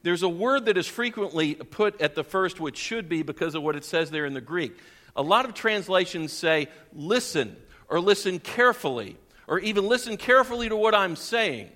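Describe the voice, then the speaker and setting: Male pastor, high and bright voice, lively sermon delivery, long church-hall reverb. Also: moderate pace. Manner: animated, questions the congregation, chuckles often. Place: church sanctuary.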